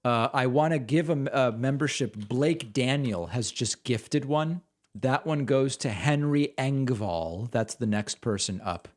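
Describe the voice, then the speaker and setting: Male streamer, casual and rambling, mid pitch. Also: measured pace. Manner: chatty, rambling, reads out supporter names. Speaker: host. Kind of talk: casual livestream chat.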